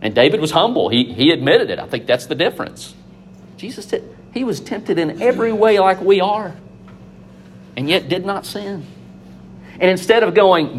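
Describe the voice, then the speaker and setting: A man preaching a sermon, animated and conversational, acting out biblical figures in quick asides. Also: sits high, a little hiss or hum.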